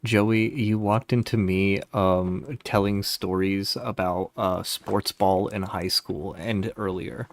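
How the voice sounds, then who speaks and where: Low-voiced man telling stories. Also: steady tone, takes it slowly, hardly any pauses. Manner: rambling, swears freely, laughs at own stories. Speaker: streamer. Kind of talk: casual storytelling to live chat.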